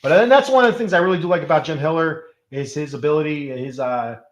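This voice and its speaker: A man's voice: a little high, fast, reverberant. A man hosting a casual solo hockey recap, rambling with many fillers and restarts. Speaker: hockey podcast host.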